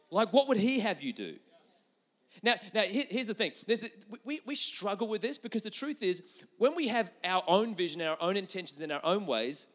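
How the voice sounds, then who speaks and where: A man preaching a sermon with lots of energy, moving between loud emphatic lines and quiet, intimate asides. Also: high voice. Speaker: pastor. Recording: long hall reverb.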